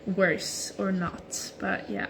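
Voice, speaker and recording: A woman's voice: medium pitch, drawn-out words, creaky, noisy background. A young woman hosting a casual livestream from home on her phone, chatting easily with lots of "like" fillers as she answers viewer comments. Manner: relaxed and chatty, many "like" fillers. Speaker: livestream host. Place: at home while stretching.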